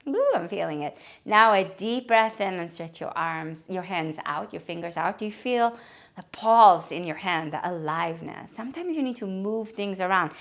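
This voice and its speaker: A woman yoga teacher giving calm, gentle spoken cues for breathing and movement. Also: on the low side, moderate pace. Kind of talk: guided yoga instruction.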